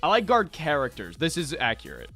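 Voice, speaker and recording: Bright-voiced man, animated casual chat. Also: on the high side, gravelly, soft background music. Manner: animated, swearing, fast storytelling. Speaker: podcast co-host. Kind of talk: casual chat while painting miniatures.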